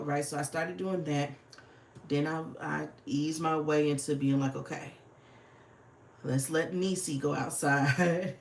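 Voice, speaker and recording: Chatty, cussing woman with a gravelly voice. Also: sits low, roomy sound. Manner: chatty, swears freely, laughs often. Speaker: livestream host. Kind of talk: casual livestream chat while planning.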